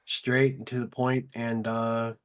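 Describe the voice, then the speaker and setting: A man's voice: medium pitch, slow. A man streaming a game, casually handing out loot to his raid group and chatting as he goes. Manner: relaxed, talks loot through aloud.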